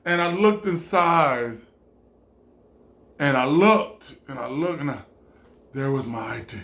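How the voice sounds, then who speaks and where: A man from California, telling a rambling vacation story in a casual vlog. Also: unhurried. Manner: rambling, repeats himself, swings between low mumbles and excited high bursts. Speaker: vlogger.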